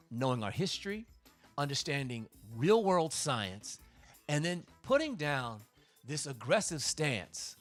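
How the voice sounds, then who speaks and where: A man's voice: medium pitch, fairly bright tone. A man, a comedian hosting a livestream, talking in a casual monologue that is emphatic, profane and rambling, with restarts.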